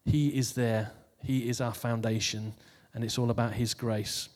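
A man preaching in a relaxed, chatty way, chuckling at his own jokes and then reading scripture. His voice sits at an ordinary middle pitch. A long reverb tail hangs behind every phrase. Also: measured pace. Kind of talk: casual New Year sermon.

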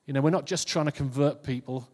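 A man's voice: mid-range voice, fast, darkish tone. A man preaching in a reverberant hall. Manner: conversational, repeats and restarts phrases. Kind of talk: informal sermon.

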